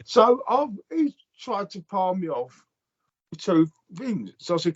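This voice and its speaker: A man's voice: high-pitched, very animated, a little slow, highs cut off. A middle-aged man, telling blunt, sweary stories in casual podcast chat. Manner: blunt, sweary ranting storyteller. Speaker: podcast co-host.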